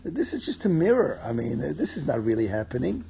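Man doing a skeptical king, stammers, brushes things off, gravelly. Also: a little high, sing-song, a little fast, a little mellow, slight background noise. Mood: doubtful. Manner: hesitant, dismissive.

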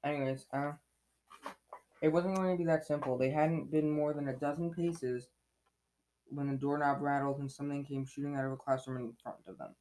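A man's voice: on the high side, fairly even intonation, a little fast, darkish tone, poor audio. A man reading a novel aloud in a casual way, stumbling, correcting himself and breaking off into chatty asides. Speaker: reader.

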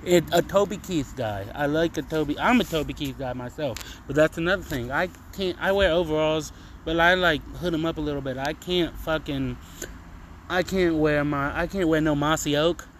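A man ranting through a solo comedy podcast, profane and meandering and loaded with fillers. His voice sits somewhat high for a man, and there is a faint hiss of noise behind it. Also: moderate pace, a bit bright, poor audio. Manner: profane, rambling, frequent fillers. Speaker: podcast host. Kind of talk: casual comedic monologue.

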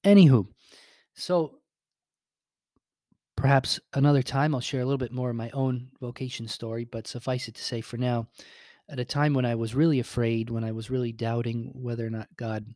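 A man's voice: medium pitch, warm tone, no room sound, clean studio sound. A young man, a priest and school chaplain, giving a chatty spoken update full of ums and little asides.

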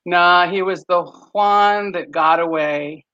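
A man from Texas doing an animated stand-up comedy set on a podcast, throwing in shouted voices for punchlines. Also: high-pitched, takes it slowly. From Texas, USA. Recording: slightly muffled podcast audio.

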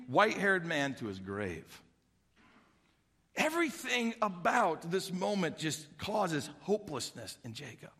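A man preaching a sermon, telling a Bible story with acted-out voices, swinging between hushed and loud. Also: a little high, in a large hall. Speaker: pastor.

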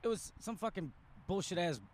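A man's voice: high voice, expressive, a little fast. A man from New Orleans with a New Orleans accent, a podcast guest telling stories in a laid-back, profane, slangy way, outdoors in a park. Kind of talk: casual storytelling chat.

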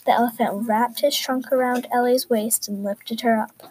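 A woman reading a children's picture book aloud in a careful, expressive way. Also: a little high, moderate pace, a little hiss or hum, low-quality recording. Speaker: reader. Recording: crowd chatter behind.

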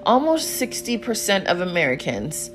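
Blunt, low-voiced woman ranting on her podcast. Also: big pitch swings, normal speed, soft background music. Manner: blunt, profane storytelling. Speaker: podcast host. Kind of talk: casual podcast monologue.

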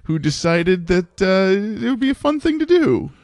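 A middle-aged man co-hosting a podcast in casual chat, laughing often and talking in quick bursts. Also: sits high, big pitch swings, a little mellow, no room sound, clean studio sound. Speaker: podcast co-host.

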